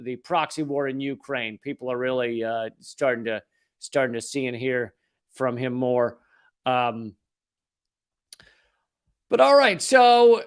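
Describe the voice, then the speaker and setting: A man hosting a live-stream commentary, reading from an article and breaking off into sarcastic, joking asides. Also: on the high side.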